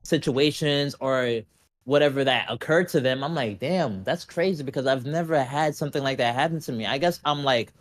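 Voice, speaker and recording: A man chats casually as a streamer guest on a podcast. He talks in an animated, rambling way and keeps asking "you know what I mean". His voice sits at an ordinary middle pitch. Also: brisk.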